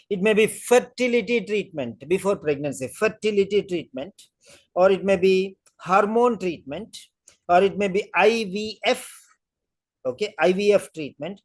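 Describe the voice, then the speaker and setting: A male tutor leads an online class and walks through each question step by step. He repeats key phrases several times. His voice comes through a video-call connection. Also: sits high. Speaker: English test tutor.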